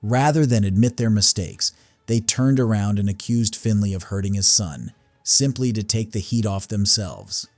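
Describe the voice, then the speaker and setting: A male narrator reads a documentary script in a serious, measured way. His voice sits in a middle range. The recording is dry and close. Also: fairly low pitch, expressive, a little mellow, dry recording, soft background music.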